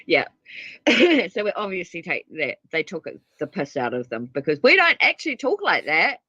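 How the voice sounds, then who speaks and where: A woman with a New Zealand accent, co-hosting a podcast, animated and agreeable and quick to laugh. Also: on the low side, breathy edge, dry recording, lo-fi sound. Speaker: podcast co-host. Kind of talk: casual podcast chat.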